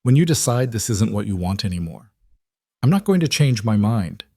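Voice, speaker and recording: A man's voice: on the low side, big pitch swings, normal speed, mellow, no echo, clean studio sound. A man voicing a wary, frightened widowed frontier mother whose guarded voice rises and breaks. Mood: fearful. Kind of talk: audiobook character reading.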